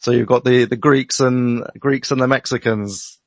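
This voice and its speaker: A male host rambles into his question, restarting and apologizing as he goes. His pitch is middling. The recording is dry and close. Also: steady tone, normal speed, vocal fry, dry recording. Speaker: show host. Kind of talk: casual live-stream interview.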